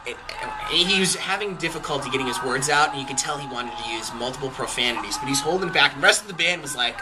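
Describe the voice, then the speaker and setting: A young man casually telling a rambling, animated anecdote, full of fillers and acted-out quotes. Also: on the high side, fast, few pauses, background noise. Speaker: podcast storyteller.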